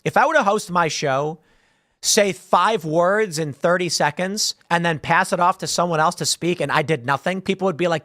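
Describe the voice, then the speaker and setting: A man in his late thirties hosts a political commentary show, speaking in an emphatic, indignant rant. His voice sits a little higher than most men's, and he pushes his points hard. The sound is dry, with no room echo. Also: moderate pace, fairly bright tone. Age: 30s.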